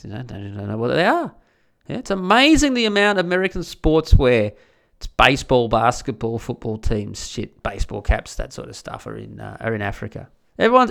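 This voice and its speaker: A man's voice: a little high, vocal fry, a bit bright. A man delivering a crude, combative monologue full of rhetorical questions. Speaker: commentator. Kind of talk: ranting monologue.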